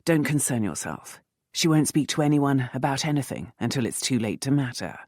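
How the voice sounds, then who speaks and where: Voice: medium pitch, sing-song, normal speed, a little mellow, no echo, clean studio sound. A narrator voicing a commanding, sardonic aristocratic rake who speaks in a lightly mocking drawl.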